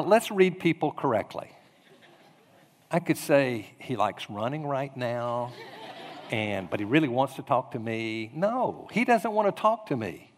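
Animated storytelling pastor in an echoey hall. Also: male voice, mid-range voice. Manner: storytelling with animated acted-out quotes. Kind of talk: conversational sermon teaching.

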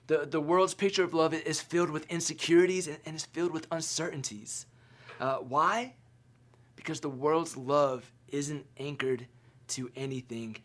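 Thirtysomething guy preaching, kinda high voice, chatty, trails off soft on the big lines. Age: 30s. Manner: conversational storytelling, drops soft and quiet on key lines; frequent stammered restarts. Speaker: pastor. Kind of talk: sermon.

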